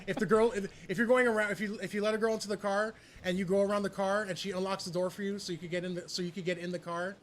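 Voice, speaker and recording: A young man co-hosting a podcast, talking in excitable casual chat and swearing freely. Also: sits high, very fast, hardly any pauses. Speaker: podcast co-host.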